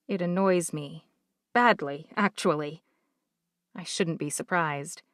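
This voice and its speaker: A woman narrates a first-person fantasy audiobook in a measured, unhurried way. Her voice sits slightly low, and the recording is close and dry, with no room sound around it. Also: dry recording.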